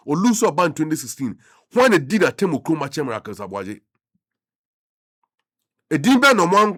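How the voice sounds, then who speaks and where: Ghanaian male radio host, fiery commentator, fairly high animated voice. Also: no echo, clean studio sound. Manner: impassioned, switching between Twi and English. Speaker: radio talk show host. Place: radio studio.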